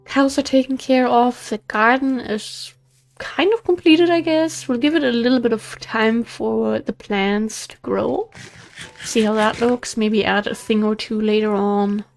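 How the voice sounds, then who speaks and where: A woman's voice: a little high, unhurried, vocal fry. A woman casually talking through her game as the host of a let's play, chatting to the animals on screen. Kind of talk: casual gameplay commentary.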